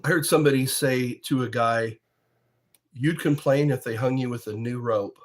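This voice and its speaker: A man's voice: medium pitch, normal speed. A man hosting a livestream, chatting casually and drifting from topic to topic with chuckles. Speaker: livestream host. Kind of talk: rambling casual livestream chat.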